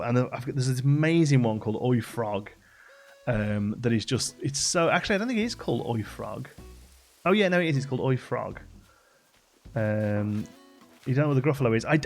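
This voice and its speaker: Chatty man streaming. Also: medium pitch. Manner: rambling and chatty, many fillers and restarts. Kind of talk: casual live-stream chat.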